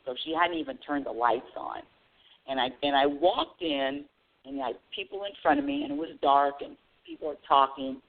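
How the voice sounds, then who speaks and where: A woman radio show host telling a casual, animated story about her week, with bursts of high excited squeals. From United States. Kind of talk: casual spiritual talk monologue. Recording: tinny phone-line audio.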